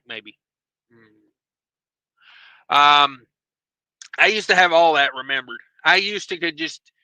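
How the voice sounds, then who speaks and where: Man, trucker livestream host, casual chat, joking, bright and crisp, dry sound. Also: fairly high pitch, no room sound, poor audio. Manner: loose and joking, many fillers and asides. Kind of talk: casual livestream chat, reading viewer comments. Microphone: phone.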